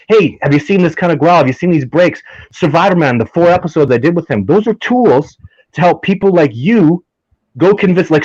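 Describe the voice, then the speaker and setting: A Canadian man, a guest in a casual chat, talking excitedly and restarting his words often. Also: fairly high pitch, husky, no room sound, highs cut off.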